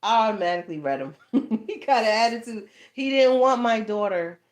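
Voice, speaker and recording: Animated woman telling a story. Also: fairly high pitch, a little fast. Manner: animated, laughing, swearing, lots of "you know what I'm saying". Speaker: tarot channel host. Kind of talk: casual storytelling chat.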